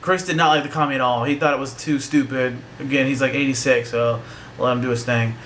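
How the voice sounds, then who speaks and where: A man's voice: mid-range voice, fairly even intonation, fast, a bit bright, slight background noise. A young man giving a casual, joking, profane movie review that rambles along.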